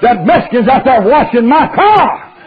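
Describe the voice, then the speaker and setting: Older preacher, very high voice, lively swoops, dull lo-fi sound, fiery sermon. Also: male voice, moderate pace, some chatter behind. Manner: shouting, drawling storyteller. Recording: dull lo-fi recording.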